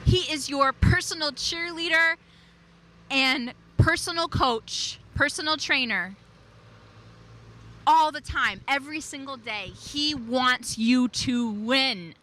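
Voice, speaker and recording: High, bright-voiced woman preaching slowly. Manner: emphatic, repeats key phrases, slows on declarations. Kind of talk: devotional sermon.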